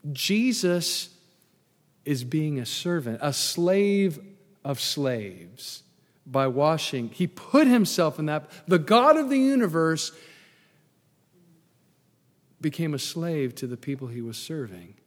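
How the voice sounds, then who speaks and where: A man's voice: a little high, very animated, slow, long pauses. A male pastor delivering a conversational sermon with joking asides to his congregation. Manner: conversational preaching with asides and humor. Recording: long reverb in a large hall.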